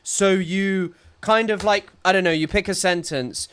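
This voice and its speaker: A man's voice: high-pitched, fairly even intonation, measured pace, a bit bright, smooth. A young man, rambling and sarcastic in casual live-stream commentary, full of restarts and fillers. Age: young adult.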